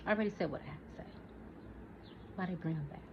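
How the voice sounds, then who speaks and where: On a dull, lo-fi recording with a little noise, a woman in her forties vents fast in a low-ish voice. Her casual rant is profane and angry, aimed back at an imagined listener.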